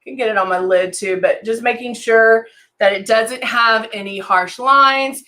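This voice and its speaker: Woman, bright tone, a bit high-pitched, chatty makeup live stream, lots of ums, greets viewers. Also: moderate pace. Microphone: desk camera and monitor setup.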